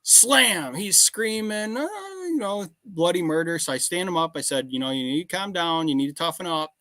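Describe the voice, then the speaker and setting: A man in his thirties with a slightly high voice, recorded dry and close, speaking plainly about his work as a podcast guest. His manner is matter-of-fact and easygoing. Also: normal speed, pushed and bright, no room sound. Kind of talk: casual podcast chat.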